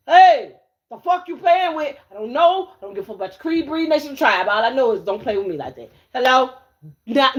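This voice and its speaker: A fairly high-voiced woman doing a tarot reading on a livestream. She sounds brash and cursing, swaggering as she throws taunting questions at her viewers. She says lines twice over and laughs in their faces. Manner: profane, confrontational and swaggering, with mocking laughs; repeats phrases and calls out to viewers. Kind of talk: live-streamed card reading.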